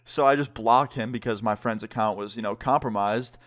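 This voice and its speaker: A man's voice: lowish voice, moderate pace, a bit bright. A man telling a story time on his vlog, casual and joking, swearing freely. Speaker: vlogger.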